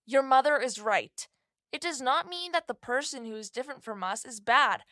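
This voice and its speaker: A woman voicing a calm, gentle father who gives measured advice in an animated story. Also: high voice, no echo, studio quality. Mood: advising.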